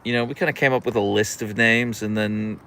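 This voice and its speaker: This livestream host, a man with a low, steady voice that sounds pushed and bright, talks briskly from an outdoor deck. He chats casually and answers viewer comments into a camera set on a tripod.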